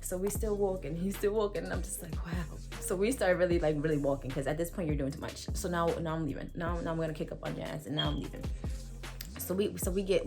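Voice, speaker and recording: A woman in her twenties telling a storytime vlog in animated, slangy casual talk full of fillers. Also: low voice. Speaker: vlogger.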